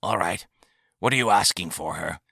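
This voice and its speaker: A man voicing a calm, pleasant old male community leader who speaks softly and drily in a story reading. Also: sits low, normal speed, gravelly, slightly rough, no echo, clean studio sound, exaggerated voice. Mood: dry.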